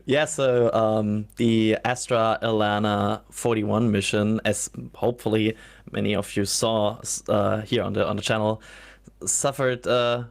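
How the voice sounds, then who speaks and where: A man's voice: on the low side, little pitch movement, a little slow, vocal fry, no room sound. A man co-hosting a casual live show, joking and talking with hesitant restarts. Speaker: co-host.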